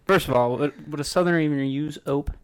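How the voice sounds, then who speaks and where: A man's voice: fairly high pitch, fast talker, crowd noise. A young man in casual podcast chat, curious and asking questions politely.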